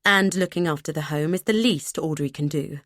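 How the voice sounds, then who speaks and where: A woman voicing a controlling, menacing 1970s husband who speaks in a slow, cold, clipped way. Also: deep voice, fairly bright tone, dry recording, clean studio sound.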